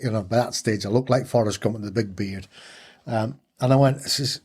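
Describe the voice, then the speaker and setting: A man's voice: lowish voice, a little fast, darkish tone, husky. A middle-aged man, telling his story candidly and earnestly as an interview guest, repeating phrases for emphasis.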